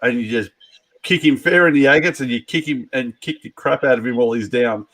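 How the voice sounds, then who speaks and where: A man's voice: mid-range voice, brisk, a bit bright, low-quality recording. A man hosting a casual call-in chat, joking and rambling with laughs. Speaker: podcast host.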